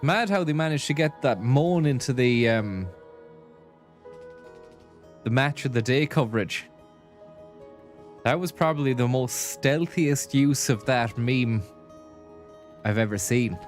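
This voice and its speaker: A man's voice: mid-range voice, slow, long pauses, faint music behind. A man streaming a game on a headset mic, chatting casually, rambling and thanking viewers. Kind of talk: casual gaming commentary.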